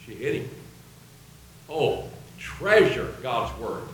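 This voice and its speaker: A man's voice: sits high, animated, a little slow, a bit bright, a little hiss or hum. A man preaching a sermon, reading and quoting scripture in an earnest way. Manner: earnest, quotes scripture aloud. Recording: very echoey room.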